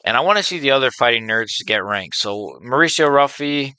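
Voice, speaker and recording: Bright-voiced guy riffing on fights, swears a lot, tons of ums and likes, smooth crisp tone. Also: mid-range voice, animated, brisk, dry recording. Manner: rambling, profane, with many fillers; enthusiastic fan opinions. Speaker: MMA video host. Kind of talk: casual unscripted monologue.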